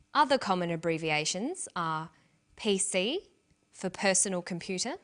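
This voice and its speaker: A woman presents an English lesson at an unhurried pace. She speaks deliberately and spells out each letter with care, in a calm teaching manner. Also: medium pitch. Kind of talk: scripted language lesson narration.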